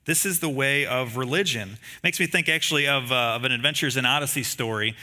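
A man's voice: mid-range voice, a little fast, sharp tone. A man preaching a sermon in a conversational way, telling stories, asking the listeners rhetorical questions and acting out the lines of the people in the story. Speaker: pastor.

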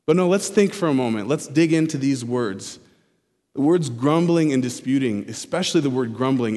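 A male pastor preaching an expository sermon, repeating key phrases slowly for emphasis. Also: mid-range voice, a little mellow. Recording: preaching in a hall with long reverb.

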